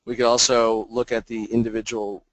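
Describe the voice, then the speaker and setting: A man presenting a software product demo in a webinar, explaining features in a casual, filler-laden way. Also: medium pitch, little pitch movement, normal speed, dry recording, low-quality recording.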